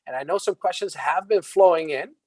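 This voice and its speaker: Man, online event host, relaxed, higher pitch, dry sound. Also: fairly quick, dry recording, rough recording. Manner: friendly, relaxed, with fillers.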